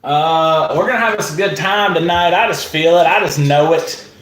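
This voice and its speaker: A man's voice: a little high, normal speed, echoey room. A man chatting casually on a live stream, greeting viewers by name in a laid-back way. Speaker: live stream host and musician.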